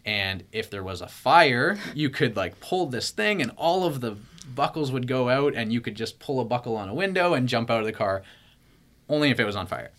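Young guy, bright voice, rambly storytelling, tons of "like", acts out freaking out. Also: mid-range voice, brisk. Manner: animated, lots of "like" fillers, acts out his own panic. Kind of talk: casual storytelling chat.

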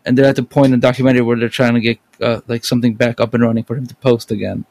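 A man's voice: medium pitch, level tone, very fast, gravelly, darkish tone, no room sound. A man co-hosting a casual podcast, speaking hesitantly, trailing off and keeping his answers short. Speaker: podcast co-host. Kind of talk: casual chat.

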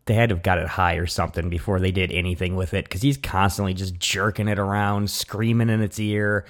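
A man's voice: sits low, steady tone, a little fast. A man co-hosting a podcast in casual comedic chat, riffing animatedly and swearing freely. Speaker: podcast co-host.

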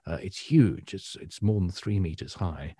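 A British man co-hosting an art podcast, explaining paintings in a self-deprecating, hesitant way with many pauses. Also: sits low, warm tone, slightly rough, no room sound, clean studio sound. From Britain. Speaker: podcast co-host, art historian. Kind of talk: casual chat.

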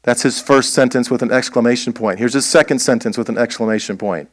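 Deliberate male pastor preaching. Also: medium pitch, fairly even intonation, no room sound. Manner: deliberate, emphatic preaching with rhetorical questions. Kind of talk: sermon.

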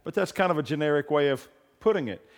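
A pastor delivering a sermon, drifting between relaxed conversational asides and loud, fervent declarations. His voice sits high for a man. The sound carries a long reverb, as if recorded in a large church hall. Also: fast talker. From raised on a farm. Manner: builds from low conversational talk to loud preaching.

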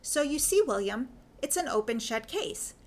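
A woman voicing a sly lady detective who talks sweetly and coaxingly, in a higher, lighter voice. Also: very animated, moderate pace, very noisy. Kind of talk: audiobook character reading.

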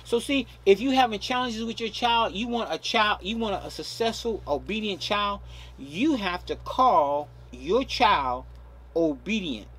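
A man's voice: high-pitched, lively intonation, a little slow, fairly bright tone, slightly rough. A man preaching a sermon, stressing key words and stretching them out, often repeating himself. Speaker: pastor.

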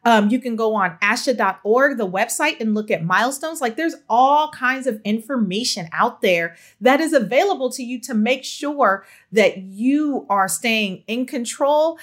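A woman's voice: on the high side, unhurried, hardly any pauses. A woman giving child-speech advice to parents in a solo monologue, talking emphatically and affectionately straight to her listeners. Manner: expressive, emphatic, affectionate direct address.

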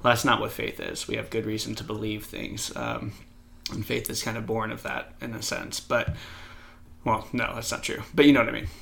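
A man with a gravelly, crackly edge to his voice and a bright, forward tone, talking in a relaxed, conversational way. He meanders and corrects himself mid-thought, like someone telling a story to a friend across the table. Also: lowish voice, normal speed. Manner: rambling, self-correcting storyteller. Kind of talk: casual chat and joke telling.

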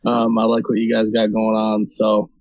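A man's voice: lowish voice, completely flat delivery, normal speed, lo-fi sound. A man from North Dakota talking as a podcast guest in a casual interview, hesitant with many ums and restarts. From North Dakota, USA. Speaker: podcast guest, video creator.

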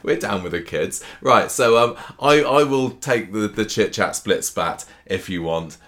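A man's voice: fairly low pitch, expressive, unhurried, fairly bright tone. A man co-hosting a chatty podcast, playful and full of puns. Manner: playful, punning, teasing. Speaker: podcast co-host. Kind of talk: casual chat.

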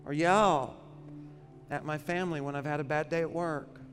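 A man's voice: a little high, steady tone, moderate pace, in a large hall, soft background music. A man, a pastor, preaching a sermon in a conversational way, often putting questions to the congregation.

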